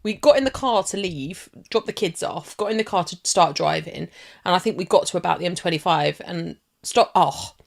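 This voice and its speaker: A woman, co-hosting a casual livestream chat and telling stories with animated energy. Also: fairly low pitch, normal speed, creaky. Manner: animated storytelling, laughs often. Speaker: co-host.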